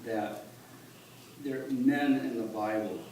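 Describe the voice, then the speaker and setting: A man's voice: medium pitch, steady tone, darkish tone. Earnest man speaking in an echoey church. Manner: halting, conversational, earnest. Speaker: church member giving testimony. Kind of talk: personal testimony at church. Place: church sanctuary. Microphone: phone in the congregation. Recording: echoey church on a distant phone, noisy.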